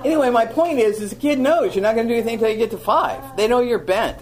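Lively woman teaching Bible lessons. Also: fairly high pitch, fast, poor audio. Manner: animated storytelling with self-mocking humor. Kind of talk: teaching talk to a live audience.

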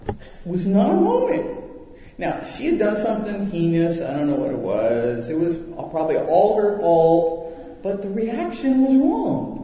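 A man's voice: high-pitched, unhurried. A man preaching a sermon, telling stories animatedly and acting out the voices in them. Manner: animated storytelling with acted-out quotes. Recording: echoey hall, dull lo-fi sound.

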